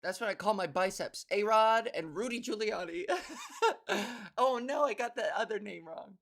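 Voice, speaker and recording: A woman's voice: medium pitch, expressive, moderate pace, creaky, fairly bright tone. A woman podcast host and comedian doing a rambling, profane solo monologue. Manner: rambling, profane, self-interrupting.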